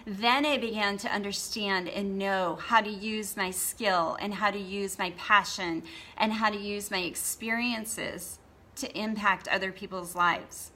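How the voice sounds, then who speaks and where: A woman's voice: mid-range voice, fairly even intonation, a little slow, bright, forceful tone. A woman hosting a blogging course gives an earnest motivational talk to the camera and often adds "okay?" for emphasis. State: tearful, emotional.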